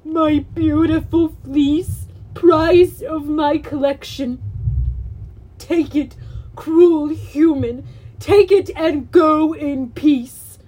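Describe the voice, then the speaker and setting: A woman voicing a huge, brutish male Cyclops who drags out slow growling threats and sobbing pleas. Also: high voice, fairly even intonation, warm tone. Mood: pitiful sobbing.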